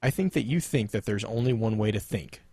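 A man's voice: on the low side, lively intonation, brisk, mellow, breathy edge, no echo, studio quality. Man reading as a smug robot soldier. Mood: sardonic lecturing. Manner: condescending, sardonic. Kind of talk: dramatic lore reading.

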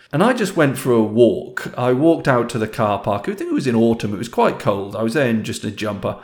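A man telling a story from his working life in a casual, reflective and self-deprecating way. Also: mid-range voice. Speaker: speaker sharing a career story.

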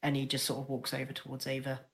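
Low-voiced woman narrating her character. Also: monotone, fast, vocal fry. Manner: hesitant, many "sort of"s. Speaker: player. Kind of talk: describing her character's actions. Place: online voice chat.

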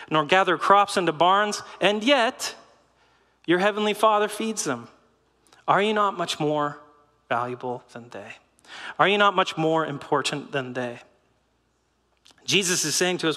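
A middle-aged man giving a sermon in a lively, conversational way, with rhetorical questions and short laughs. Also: high-pitched, long reverb tail. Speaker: pastor.

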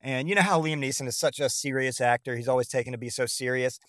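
A man's voice: mid-range voice, fast, no room sound, studio quality. A man hosting a podcast, rambling through a casual monologue and swearing freely as he retells scenes. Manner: profane, rambling, animated retelling. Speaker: podcast host.

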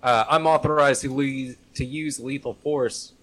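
A man's voice: medium pitch, fairly even intonation, measured pace, fairly bright tone. A man in a casual group chat, cracking brash profane jokes. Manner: brash, profane, punchline delivery.

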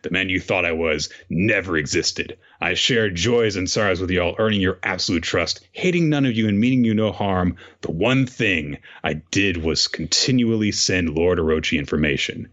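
A man reading out the confession of a calm, resigned male traitor in near his own voice. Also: low-pitched. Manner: read-out dialogue, measured. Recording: dull lo-fi audio.

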